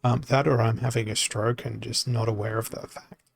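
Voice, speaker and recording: A man streaming a card game, thinking aloud in a halting, self-mocking way, his voice tired and worn from talking. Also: medium pitch, flat delivery, gravelly. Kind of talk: casual live-stream commentary.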